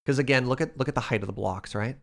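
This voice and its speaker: A man's voice: mid-range voice, fast, vocal fry. A man streaming a building game live, chatting playfully with his viewers. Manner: animated and playful, talks to the chat. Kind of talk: live gameplay chat with viewers.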